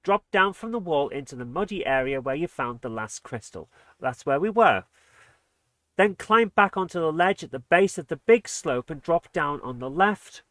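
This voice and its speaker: A man's voice: a little high, fairly bright tone, no echo. A man commentating casually on his gameplay as a let's play host, exasperated and muttering under his breath.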